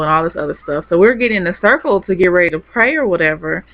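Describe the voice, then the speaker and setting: A woman's voice: lowish voice, fast talker. Chatty young woman, lo-fi webcam sound. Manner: chatty, rambling, laughs easily. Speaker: vlogger. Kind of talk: casual storytelling to camera. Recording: dull lo-fi webcam audio.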